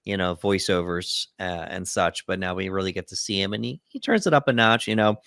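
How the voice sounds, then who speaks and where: A man with a low, smooth, resonant voice co-hosts a casual podcast. He walks through the plot steadily and fills pauses with ums and uhs. The recording is close and dry. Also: no echo. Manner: steady recapping with frequent fillers. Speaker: podcast co-host. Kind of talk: casual movie breakdown chat.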